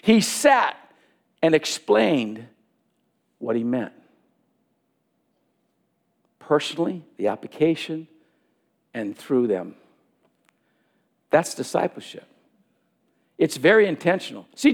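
A man's voice: fairly high pitch, big pitch swings, slow, long pauses. A man preaching a sermon, telling a personal story and acting out the dialogue in it.

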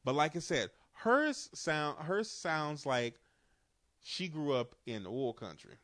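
A man's voice: a little high, lively intonation, slow pace, a bit bright, no echo, studio quality. A man co-hosting a casual chat, who lives in a port city and talks with frequent laughs, restarts and casual swearing. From New Orleans area. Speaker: podcast co-host.

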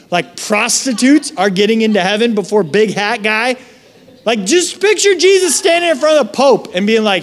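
A young man preaching a casual, animated sermon, chatting and acting out quotes in raised voices. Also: sits high, normal speed. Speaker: pastor. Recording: long hall reverb.

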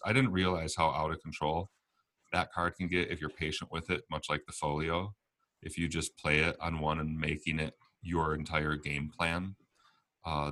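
A man with a very low voice rambles through casual card game talk as a podcast co-host. He laughs easily and lets his sentences trail off. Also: sharp tone.

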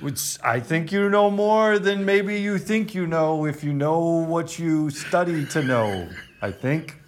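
A man's voice: on the high side, slow. A man hosting a casual Bible study video, joking, laughing often and trying silly impressions. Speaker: pastor and video host.

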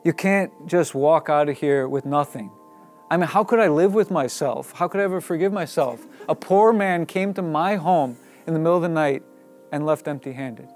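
A man voicing a serene, eccentric old male forest mystic who speaks calmly and with gentle insistence, over faint music. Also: fairly high pitch, normal speed, close to an everyday voice. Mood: earnest.

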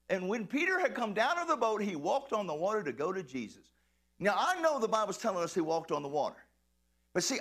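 Male pastor, animated preacher, bright and sharp voice, swoops high and low in pitch. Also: creaky. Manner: animated, playful preaching that breaks into shouts and laughter. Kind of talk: sermon.

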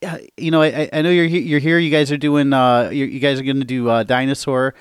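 A man hosting a casual interview, talking in halting bursts full of restarts and repeated words. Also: mid-range voice, flat delivery, clean tone, no room sound, clean studio sound. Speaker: podcast host.

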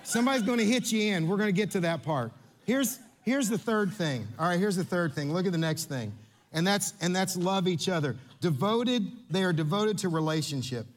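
Animated high-voiced pastor. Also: male voice, moderate pace. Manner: animated, playful, coaching volunteers on stage. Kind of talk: sermon.

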